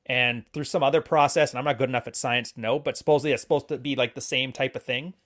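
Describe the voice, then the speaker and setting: A man's voice: medium pitch, steady tone, a bit bright. A man co-hosting a podcast, talking in casual chat with blunt, joking opinions. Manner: speaks quickly in long runs. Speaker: podcast co-host.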